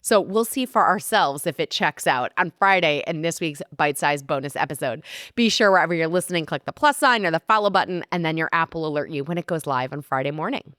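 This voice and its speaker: A woman's voice: deep voice, lively intonation, brisk, a bit bright, no room sound, studio quality. A woman hosting a wellness podcast, closing an interview and signing off in an upbeat, friendly way. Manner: upbeat, friendly wrap-up patter. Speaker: podcast host.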